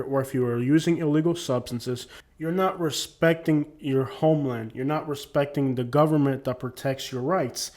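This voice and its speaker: A young man from Cuba gives casual commentary with a slightly high voice. He talks in an emphatic, preachy way and addresses his viewers directly. When he reads a letter aloud, his delivery turns formal. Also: darkish tone.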